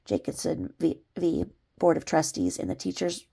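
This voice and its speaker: A woman's voice: deep voice, big pitch swings, normal speed, gravelly, dark tone. A woman reading a court filing aloud, breaking off now and then for sarcastic asides. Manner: reads legal citations, breaks off with sarcastic asides and laughs.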